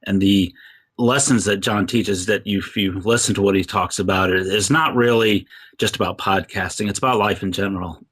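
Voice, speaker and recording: Man, podcast guest, somewhat low pitch, earnest, rambling, fillers. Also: steady tone, moderate pace, fairly bright tone, breathy edge. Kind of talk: casual interview talk.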